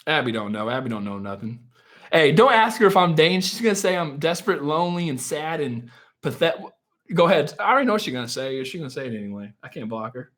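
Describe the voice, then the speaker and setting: This live-stream host has a slightly high, fairly bright voice with lively intonation, and he talks fast. He chats casually and fields viewer questions, joking at his own expense, rambling, and laughing often.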